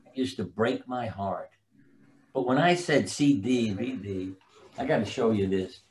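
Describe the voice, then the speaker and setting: A man's voice: mid-range voice, animated, unhurried. An older man, a physician and author, telling long anecdotal stories as a guest in a casual interview and sometimes losing track of names. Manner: rambling anecdotal storytelling, forgets names.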